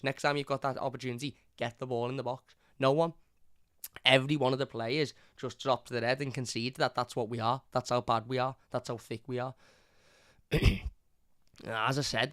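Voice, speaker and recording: A frustrated young man hosts a live fan review of his football team and rants about their play. He repeats himself, stumbles over words and swears freely. His voice is smooth and clear, recorded close and dry with no room sound. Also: medium pitch, fairly bright tone, dry recording. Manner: frustrated, repetitive, swears often. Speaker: football fan channel host. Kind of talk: live match review rant.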